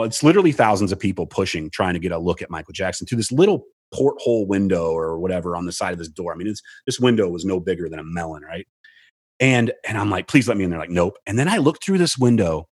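A man's voice: quick pace, slightly rough, dry recording, studio quality. A man telling a long story in casual chat, acting out what people said and swearing freely. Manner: animated, acts out quotes with big pitch jumps, swears freely. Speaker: storyteller guest. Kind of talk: casual chat, animated anecdote.

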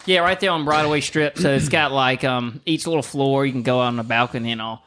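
Bright-voiced joking young man. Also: mid-range voice, fairly quick. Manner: joking, teasing, mock-dramatic asides. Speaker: storyteller among friends. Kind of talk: casual chat.

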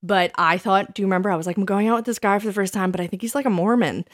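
A woman telling funny stories about old dates in a casual chat, laughing often and acting out what she said back then in a higher voice. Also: rapid-fire. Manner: animated, laughing, quotes herself in a higher voice. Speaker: podcast co-host.

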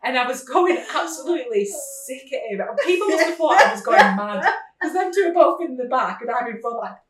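A woman's voice: high voice, animated, fairly quick, crowd noise. A woman from England, chatting as a podcast guest and telling stories animatedly, swearing freely and laughing often. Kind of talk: casual chat. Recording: echoey room, distant mic.

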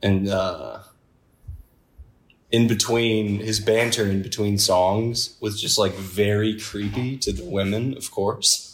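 A man's voice: lowish voice, fairly even intonation, takes it slowly. A man co-hosting a podcast, telling a rambling story in casual chat and laughing often. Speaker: podcast co-host. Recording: roomy echo.

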